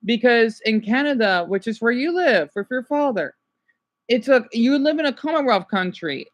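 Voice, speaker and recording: A woman's voice: on the high side, lively intonation. Tired American woman chatting to her stream. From United States. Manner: chatty, explains things slowly to viewers, trails off. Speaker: livestream host. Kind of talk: casual chat with viewers while watching a video.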